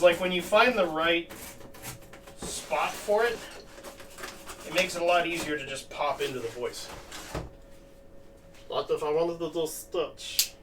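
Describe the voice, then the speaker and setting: A man chats casually on a crafting stream, thinking out loud and wandering between half-finished thoughts. His voice sits a little high. He is picked up from some distance, with a faint hiss underneath. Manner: rambling, thinking aloud with many "like"s. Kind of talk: casual live-stream chat while crafting. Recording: distant mic with faint background noise.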